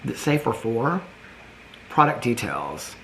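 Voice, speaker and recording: A man's voice: medium pitch, very animated, unhurried, bright, forceful tone, slight background noise. A man chatting casually in a home vlog, rambling from one thought to the next. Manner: chatty, rambling, talks to his pets in baby talk. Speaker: vlogger. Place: indoors at home.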